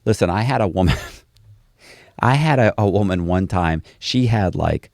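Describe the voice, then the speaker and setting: A man with a low, gravelly voice tells his story in a relaxed interview. He animates it by doing the voices of the people in it. The sound is close and dry, with no room around it. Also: a little slow, no echo. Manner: animated storyteller, acts out quoted dialogue. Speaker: interview guest.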